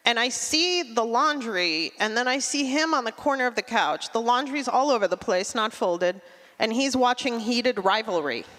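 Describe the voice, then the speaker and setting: A middle-aged woman doing a stand-up comedy set, with a dry, deadpan delivery and quick asides. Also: on the high side. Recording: long hall reverb.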